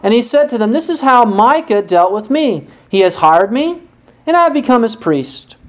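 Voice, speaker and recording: A woman preaching an expository sermon, asking her listeners rhetorical questions and pausing for emphasis. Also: a little high, very animated.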